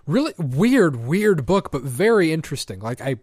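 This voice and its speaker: A man's voice: on the high side, sing-song, normal speed, a little mellow, no room sound. Podcast co-host, male, a bit lispy, rambling and self-mocking, dry studio mic. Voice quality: slightly lispy. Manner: rambling, self-deprecating, frequent restarts. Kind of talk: casual comedic chat.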